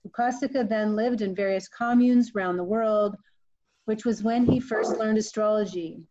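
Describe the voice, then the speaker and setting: A woman's voice: medium pitch, steady tone, moderate pace, mellow. A woman moderating a panel over a video call, reading guest introductions in a friendly way. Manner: friendly, reads introductions, laughs easily. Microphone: video call mic. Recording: dull lo-fi video call audio.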